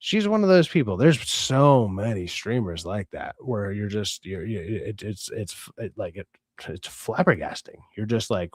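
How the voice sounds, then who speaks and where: A man's voice: on the low side, expressive, normal speed, breathy edge, no room sound, clean studio sound. Profane, exasperated streamer man ranting. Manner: profane, exasperated, stammering restarts. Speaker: streamer host reading chat. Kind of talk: casual livestream rant.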